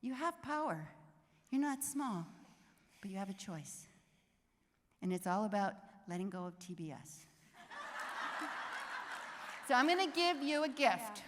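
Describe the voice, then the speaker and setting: An older woman, an author and inspirational speaker, giving an energetic, exhorting live talk to an audience and laughing often. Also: medium pitch, slow, long pauses, slight background noise. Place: large hall with live audience. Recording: reverberant hall sound.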